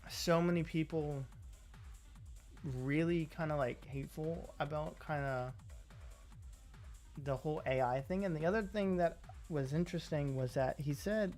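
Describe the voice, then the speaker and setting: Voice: mid-range voice, a little slow, long pauses, a little mellow. Rambling streamer chatting over faint music. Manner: rambling, filler-heavy, self-deprecating. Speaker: livestreamer. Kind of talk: casual stream chat. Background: faint music and keyboard typing.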